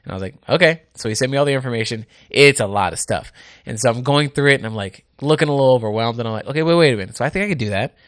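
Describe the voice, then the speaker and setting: A man who hosts radio, chatting casually on a podcast and telling animated stories that act out the people he quotes. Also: mid-range voice, racing, no room sound, studio quality. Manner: animated, acts out quoted people, laughs often. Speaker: radio host and race organizer. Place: indoor podcast studio.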